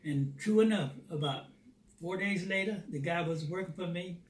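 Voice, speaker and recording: A man telling a personal faith testimony as a lively storyteller who acts out the dialogue. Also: high voice, normal speed. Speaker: Christian theater founder. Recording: roomy, distant mic, faint noise.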